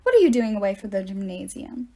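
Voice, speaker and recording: A woman's voice: high voice, animated, darkish tone. A woman reading aloud, voicing a stiff, dazed older female teacher who talks in a demanding or dreamy way. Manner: demanding, then dreamy and slow.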